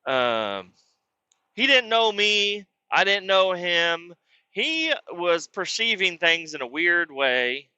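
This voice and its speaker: A man with a very bright, sharp-edged voice tells a rambling, foul-mouthed story as a podcast host, slipping into the voices of the people he quotes. The sound is dry and close, with a slightly muffled, dull top end. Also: medium pitch, clean tone, no echo. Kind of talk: casual storytelling monologue.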